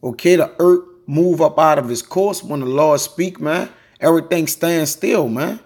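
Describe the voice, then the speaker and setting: A man teaching a quick, informal scripture lesson, reading verses aloud and peppering his talk with "man" and "all right". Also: a little high, a little mellow, breathy edge. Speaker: Bible teacher.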